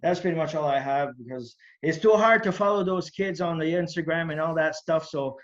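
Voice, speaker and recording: A man's voice: a little high, fairly quick, fairly bright tone. Man on a dull lo-fi line. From New Brunswick, Canada. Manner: friendly, teasing, repeats himself. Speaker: karate instructor, guest. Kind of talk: casual interview chat. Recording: dull lo-fi remote audio.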